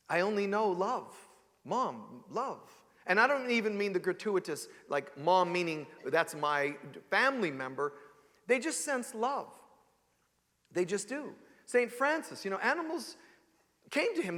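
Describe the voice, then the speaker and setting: Lively, bright-voiced man preaching in a hall. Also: high-pitched, normal speed. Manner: animated, joking, full of rhetorical questions. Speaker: spiritual teacher. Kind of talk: sermon. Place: church sanctuary.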